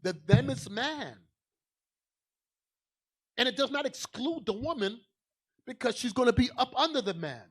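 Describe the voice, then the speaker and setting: A man preaching a fiery sermon as a bishop, emphatic and calling out to the congregation, swinging from low asides to loud declarations. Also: lively intonation, a little slow, pauses often, slightly rough.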